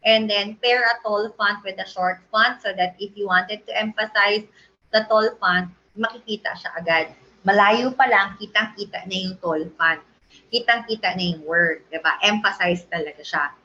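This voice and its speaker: A woman's voice: medium pitch, normal speed, sharp tone, lo-fi sound. A woman with a Filipino accent, teaching a design tutorial in a chatty way and often checking that listeners agree. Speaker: design instructor. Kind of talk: screen-share tutorial lesson.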